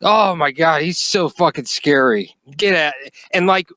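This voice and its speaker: A man co-hosting a casual podcast chat, excitable and laughing often. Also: on the high side, measured pace, no echo. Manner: excitable, laughs often, does mock impressions. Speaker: podcast co-host.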